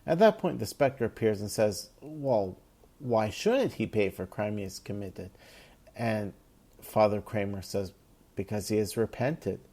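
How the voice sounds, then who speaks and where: A man's voice: lowish voice, lively intonation, unhurried, dark tone. A man casually retelling a comic book story, reading its dialogue aloud with plenty of "uh" and "um" fillers. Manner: retells the panels with light quoted lines and many "uh" fillers. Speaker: comics reviewer.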